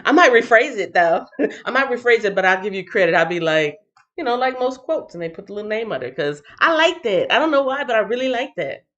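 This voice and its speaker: A woman's voice: a little high, fairly quick. A woman hosts a livestream and chats with viewers in a playful way, tired after a night shift. Her voice swings widely up and down, and the stream audio sounds dull and lo-fi. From Texas. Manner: animated and playful, breaks into sing-song bits. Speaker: livestream host. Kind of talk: casual livestream chat, reading chat comments.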